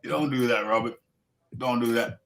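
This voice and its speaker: A man's voice: mid-range voice, moderate pace, vocal fry, rough recording. A man hosting a boxing talk show, chatting casually with wry jokes and lots of repetition. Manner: repeats himself, wry and joking. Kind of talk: casual live podcast chat.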